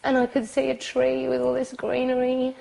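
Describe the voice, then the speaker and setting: Tearful British woman testifying for a documentary; halting delivery, dark mellow tone. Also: sits high, monotone, creaky, rough recording. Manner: halting, pausing, hesitant with many ums. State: crying, sobbing. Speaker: abuse survivor recounting her experience.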